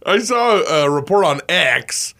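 A man co-hosting sports radio, chatting in an animated, excitable way. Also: a little high, takes it slowly, gravelly. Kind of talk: casual sports radio chat.

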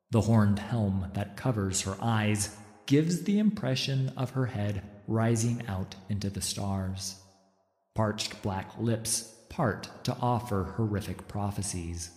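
A man narrating a fantasy story in a measured, atmospheric reading. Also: lowish voice, a little mellow, slightly rough, no room sound, clean studio sound.

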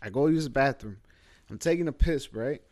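A man's voice: mid-range voice, a little fast, darkish tone. Profane man telling a spooky story. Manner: loose, profane, filler-heavy, says bro a lot. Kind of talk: casual storytelling chat.

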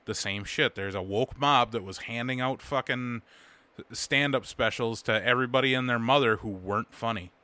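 A man's voice: mid-range voice, moderate pace, pushed and bright, no echo. A man hosting a podcast, ranting with strong opinions and heavy swearing. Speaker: podcast host. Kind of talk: casual podcast chat.

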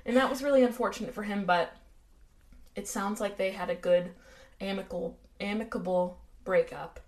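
American woman, podcast co-host, wry and chatty, mid-pitched. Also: normal speed, a little mellow. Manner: chatty, filler-heavy, wry asides. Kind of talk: casual true-crime chat.

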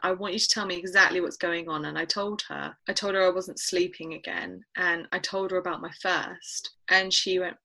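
A woman's voice: fairly low pitch, pushed and bright, poor audio. A woman, candidly retelling a painful personal story in a podcast interview. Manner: candid, emotional retelling with quoted dialogue. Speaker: guest.

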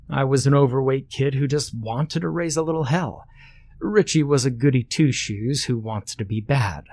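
A man's voice: medium pitch, darkish tone. A man reading a horror story aloud in a conversational way, dropping in casual asides.

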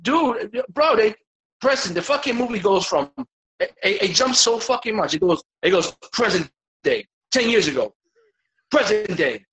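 A man as a podcast guest in casual chat, talking excitably with lots of swearing and stammered restarts. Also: high voice, moderate pace, rough recording.

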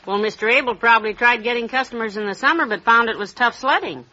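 An actress playing a cheerful, wisecracking middle-aged housewife in a 1940s radio comedy. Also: female voice, fairly high pitch, quick pace, bright, forceful tone. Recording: dull lo-fi old radio transcription.

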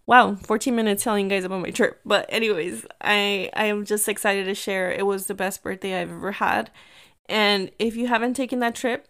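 A woman in her thirties from the United States chats through a story for her podcast. Her voice is smooth and clean, at a middle pitch. She talks in quick bursts and drops in Spanish phrases. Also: steady tone, fairly bright tone. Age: 30s. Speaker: podcast host. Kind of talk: casual chat.

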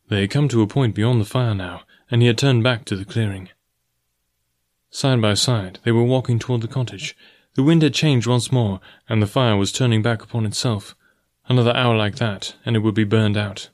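Guy reading an old adventure novel aloud, steady even delivery, dry studio sound. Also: fairly low pitch, moderate pace, no echo. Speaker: audiobook narrator. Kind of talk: scripted narration.

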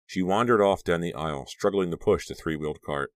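A man narrating a young-adult horror audiobook in an even, measured reading. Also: low voice, no room sound.

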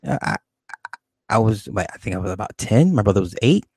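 Low-voiced profane call-in host. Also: male voice, very animated, fairly quick, darkish tone, husky, no room sound, studio quality. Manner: laid-back, profane, laughs a lot. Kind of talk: casual late-night call-in storytelling.

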